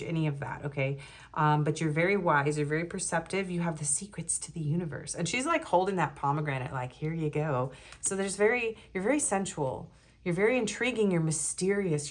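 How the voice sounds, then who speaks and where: A woman with a fairly low voice chats her way through a pick-a-card tarot reading. She rambles, giggles often and leans on fillers as she goes. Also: a little hiss or hum. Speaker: tarot reader.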